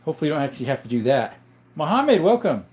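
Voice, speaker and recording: A man's voice: a little high, very animated, very fast, a little mellow. Upbeat young man hosting a live chat. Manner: chatty, greets viewers by name, upbeat. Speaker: livestream host reading chat.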